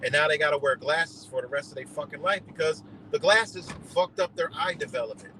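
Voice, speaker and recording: Ranting, profane man, slightly high voice. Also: brisk, sharp tone, slight background noise, poor audio. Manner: profane, heated, rambling. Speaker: livestreamer. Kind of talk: ranting live monologue.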